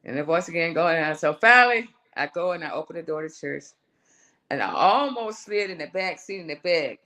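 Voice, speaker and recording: A woman, a singer and songwriter, telling a personal story on a live show in a lively way, acting out voices and calling her listener "girl". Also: on the low side, brisk. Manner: animated, acts out her own voice and inner voices, calls the listener "girl".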